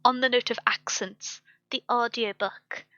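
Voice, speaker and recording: A woman's voice: on the high side, fairly even intonation, measured pace, pushed and bright, no room sound, dull audio. A woman on a book club stream, chatting casually and rambling with many fillers and restarts. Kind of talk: casual chat.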